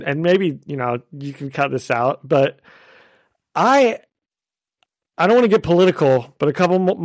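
A man with a fairly high voice co-hosts a podcast in casual chat, laughing often and coughing slightly as he gets over a cold. The studio-quality recording has no room sound.

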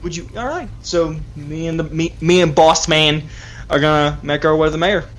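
A man's voice: on the high side, normal speed, a little hiss or hum. A man with a Southern US accent playing a paladin in a tabletop game, talking earnestly and repeating himself. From Southern United States. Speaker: player. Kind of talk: in-character tabletop play.

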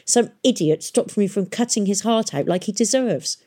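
A woman's voice: mid-range voice, expressive, moderate pace, dark tone, pitched above the performer's own voice, close to an everyday voice. A woman doing a scornful, scarred teenage girl. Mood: scornful bitter. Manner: blunt, scornful, clipped. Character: scarred, bitter teenage girl, curt and hostile.

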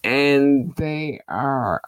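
A woman hosting her own podcast, talking casually in slang and giving affectionate shout-outs to her listeners. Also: extremely low pitch, drawn-out words, dry recording, poor audio. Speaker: podcast host. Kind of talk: casual solo podcast chat.

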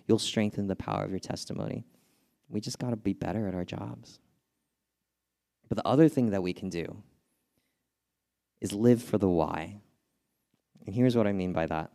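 A young pastor from California preaches in a relaxed, conversational way, telling stories and reading scripture. His voice sits low and comes across smooth and clear. He gets animated and laughs at his own anecdotes. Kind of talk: sermon.

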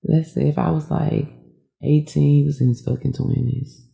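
A woman who is a podcast guest, chatting casually and asking slow, drawn-out questions. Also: sits low, fairly even intonation, creaky, mellow.

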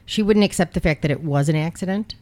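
Woman, podcast co-host, casual true-crime chat, wry, swears freely, slightly low voice. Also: quick pace, a little mellow. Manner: profane, wry storytelling. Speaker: emergency dispatch worker.

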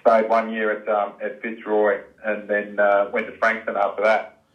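A man in his forties with an Australian accent, a journalist guest, answering in a relaxed, modest way. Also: on the low side, normal speed, reverberant, dull audio. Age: 40s. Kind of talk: casual interview.

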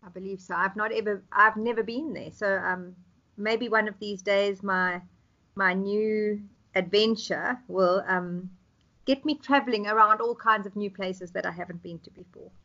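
A woman's voice: mid-range voice, steady tone, normal speed, pushed and bright, muffled recording. South African woman in her fifties. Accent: South African English. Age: 50s. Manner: thoughtful, with frequent ums and restarts. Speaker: podcast guest. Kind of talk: conversational interview.

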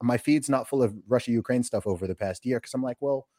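A man in a casual podcast conversation. He has an ordinary middle pitch and an animated way of talking, restarting his sentences with repeated words. The mic sits close in a dry room. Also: fast talker, no echo. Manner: repeats words when starting a thought, animated. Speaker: podcast host.

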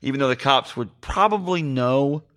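Recapping a film on his podcast, this male host chats casually, rambling and cracking jokes with plenty of fillers. His medium-pitched voice has lively intonation and normal speed, sounding a bit bright in clean, echo-free studio audio.

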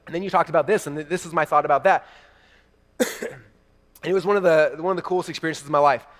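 A man in his thirties giving an energetic keynote to a large live audience, telling stories excitedly and talking to the crowd as "you guys". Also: on the high side, fast, in a large hall. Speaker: keynote speaker. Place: large event hall before a live audience.

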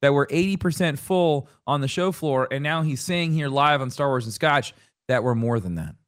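A man hosting a podcast whose voice rises and falls widely as he talks. He is animated and joking, and moves easily between stories and sponsor plugs. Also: medium pitch. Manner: animated, joking, quick ad reads. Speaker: podcast host. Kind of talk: casual chat.

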